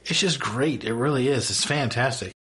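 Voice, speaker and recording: A man ranting casually and enthusiastically on camera, in a voice of middle pitch. He gushes emphatically and swears without a second thought. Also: normal speed, fairly bright tone. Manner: emphatic, gushing, swears freely. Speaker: YouTuber.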